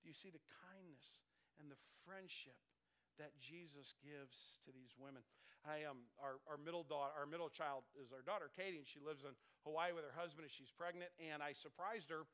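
A man in his fifties preaching a sermon as pastor, conversational and animated, often dropping to a soft calm voice. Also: fairly high pitch, brisk. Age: 50s.

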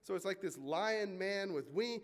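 A man preaching a sermon in an animated, conversational way, with jokes and asides to the congregation. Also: sits high, measured pace. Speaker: pastor.

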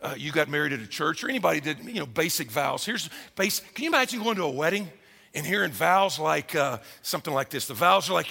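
Animated high-voiced man preaching in a hall. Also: fast talker, creaky, breathy edge. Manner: animated, acts out quoted voices. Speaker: pastor. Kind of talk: sermon.

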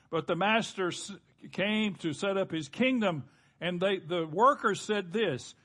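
Earnest preaching man, slightly high voice. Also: fairly bright tone. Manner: earnest preaching, slows and drops low for emphasis, calls on the congregation. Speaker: pastor. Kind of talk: sermon.

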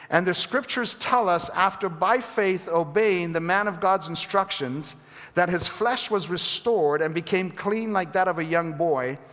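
A man preaching a sermon as pastor, swinging between hushed, near-whispered phrases and emphatic calls. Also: high-pitched, in a large hall.

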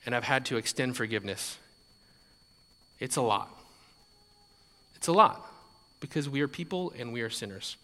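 A man's voice: mid-range voice, lively intonation, normal speed, pauses often, bright, forceful tone, big-room sound. A male pastor giving a conversational sermon, often repeating words and adding light laughs.

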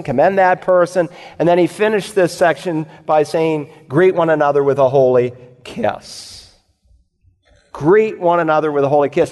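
A man's voice: a little high, darkish tone. Emphatic man preaching in a big hall. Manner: preaching in measured, emphatic phrases, repeating key lines. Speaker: pastor. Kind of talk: sermon. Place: church sanctuary. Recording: long reverb of a large hall.

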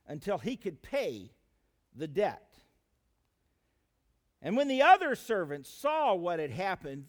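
A pastor preaching a sermon, speaking with emphatic rises and drops and addressing the congregation directly as friends. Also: male voice, sits high.

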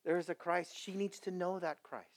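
A man preaching a sermon to his congregation. He swings between loud, impassioned exhortation and quiet, conversational storytelling with asides. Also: high voice, fairly even intonation, moderate pace. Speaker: pastor.

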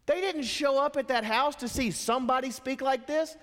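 A man preaching a sermon as a dramatic storyteller, dropping to a hush and then rising to impassioned emphasis. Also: very high voice, normal speed, hardly any pauses. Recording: long hall reverb.

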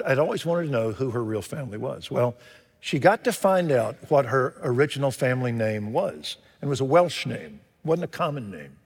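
A man preaching a sermon as pastor, swinging between loud emphatic lines and hushed storytelling. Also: medium pitch, slightly rough. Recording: long hall reverb.

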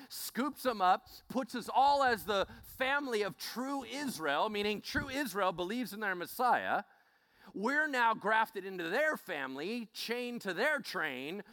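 A man preaching a sermon as a pastor, telling the story in an animated, conversational way and calling out questions to the congregation. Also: sits high, moderate pace, no room sound.

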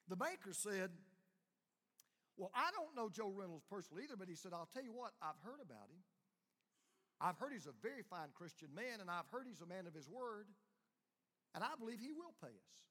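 A man's voice: high-pitched, big pitch swings, fairly quick, bright, forceful tone. A man, preaching a sermon by telling a long story and acting out the dialogue of its people. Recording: long hall reverb.

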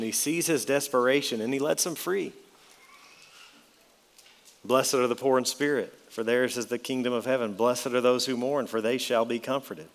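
A man's voice: medium pitch, fairly bright tone, big-room sound. A man preaching an expository sermon, emphatic, with his voice rising and dropping for effect.

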